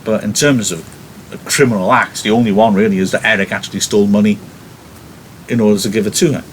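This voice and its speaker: A man's voice: fairly low pitch, steady tone, fast talker, slight background noise. A man from the United Kingdom, a teacher, reading a play aloud to his class and adding chatty, wry, self-mocking commentary.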